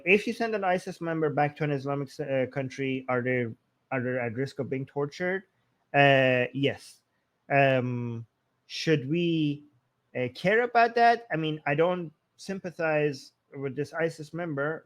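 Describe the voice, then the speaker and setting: A man co-hosting a live-stream talk show, arguing a point in a thinking-aloud way with frequent restarts. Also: medium pitch. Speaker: political commentary co-host. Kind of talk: casual live-stream discussion.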